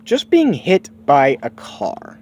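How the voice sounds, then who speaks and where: A man's voice: fairly high pitch, huge pitch swings, slow, darkish tone, slightly rough. A man casually improvising a story, rambling and swearing freely. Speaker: streamer.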